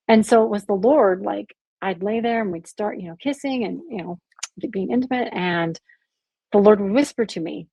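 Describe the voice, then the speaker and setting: Gravelly, husky woman telling her story. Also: mid-range voice, normal speed, no room sound. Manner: earnest, animated storytelling with frequent "like". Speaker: podcast guest, abuse survivor. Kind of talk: candid faith podcast conversation.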